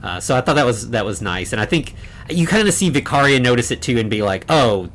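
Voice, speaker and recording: A man's voice: medium pitch, animated, fast talker, fairly bright tone. A man co-hosting a horror podcast, recapping a film in casual chat, rambling with many fillers and restarts. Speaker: podcast co-host.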